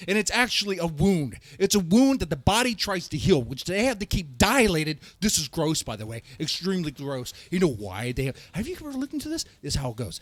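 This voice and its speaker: A man's voice: fairly high pitch, dry recording. Heated, emphatic ranting man. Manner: heated and emphatic, rising to shouts, with repeats and restarts. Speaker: host of a reaction and rant channel. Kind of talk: ranting political commentary.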